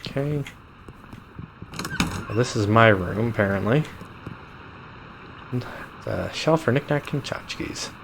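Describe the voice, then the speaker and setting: Low-voiced man streaming a game. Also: slow, vocal fry, long pauses, background noise. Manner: reads game text aloud, chuckling asides. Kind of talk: live gameplay commentary.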